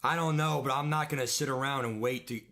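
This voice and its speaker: A man's voice: medium pitch, fairly even intonation, quick pace, bright, forceful tone. A young man streaming a football video game, ranting and swearing in frustration as he plays. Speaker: gaming streamer. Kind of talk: live game commentary rant.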